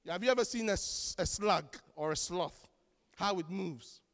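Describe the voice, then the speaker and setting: A man preaching a sermon as pastor, animated and joking, acting out the voices of the people he quotes. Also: high voice, normal speed, long reverb tail. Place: church.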